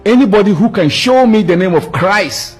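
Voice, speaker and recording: A man's voice: high voice, normal speed, breathy edge, soft background music. A man preaching and retelling a debate, acting out both sides with emphatic repetition. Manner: animated, acts out both sides of the exchange; emphatic, repeats words for effect. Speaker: Islamic preacher.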